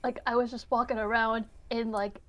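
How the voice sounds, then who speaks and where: A woman's voice: on the high side, little pitch movement, normal speed, fairly bright tone. A woman playing a tabletop role-playing game, stammering and flustered in character. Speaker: player. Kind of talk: casual in-character play.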